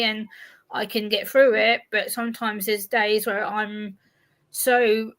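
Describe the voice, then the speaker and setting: A woman's voice: mid-range voice, fairly bright tone. A woman streamer talking casually and animatedly on a live stream, swearing freely.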